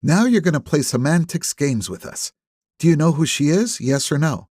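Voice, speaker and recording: A man voicing a blunt middle-aged woman police chief with a slight Midwestern accent, brisk and needling. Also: on the high side, very animated, a little mellow, no echo, clean studio sound, pitched above the performer's own voice.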